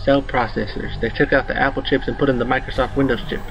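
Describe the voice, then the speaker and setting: A man in his twenties rambling through a story while commenting on his gameplay, excitable and swearing freely. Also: mid-range voice, fast, vocal fry, muffled recording, over music. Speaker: let's play host.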